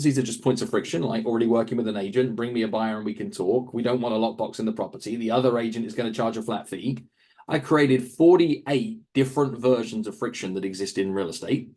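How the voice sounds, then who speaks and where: Man, coach type, husky timbre, energetic explainer, mid-pitched. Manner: animated, acts out quick asides in other voices. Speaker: real estate coach, guest. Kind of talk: interview answer, coaching talk.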